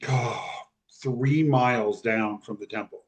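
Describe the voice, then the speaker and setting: A man on a podcast retelling a personal story, halting and repeating himself, close to tears. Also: medium pitch. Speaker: podcast guest.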